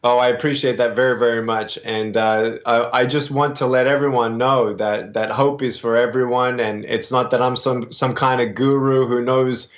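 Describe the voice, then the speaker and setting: A man's voice: mid-range voice, fairly even intonation, moderate pace, few pauses. Aussie guy in his thirties, upbeat and earnest, kinda muffled audio. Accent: Australian. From Australia. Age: 30s. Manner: earnest, upbeat, with many fillers. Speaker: guest, motivational speaker. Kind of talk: interview answers.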